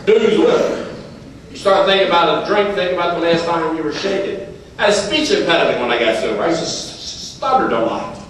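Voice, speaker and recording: A man's voice: a little high, lively intonation, a bit bright, a little hiss or hum. Folksy man telling his story in an echoey hall. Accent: American. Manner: talks fast to avoid stuttering. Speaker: AA speaker. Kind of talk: recovery meeting talk. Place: meeting room. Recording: distant mic in echoey meeting hall.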